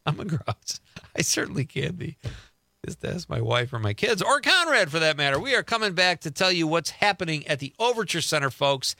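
A middle-aged male radio host who reads listener texts aloud and comments on them in a loose, chatty way. His pitch swings up and down a lot as he talks. The sound is dry and close, with little room around it. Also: sing-song, moderate pace, vocal fry, bright, forceful tone, dry recording. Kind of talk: casual radio chat reading listener texts.

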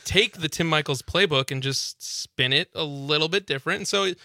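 Male co-host, sharp bright voice, casual political chat. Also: a little high, no room sound, clean studio sound. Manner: conversational, halting restarts. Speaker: radio co-host. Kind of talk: political talk radio chat.

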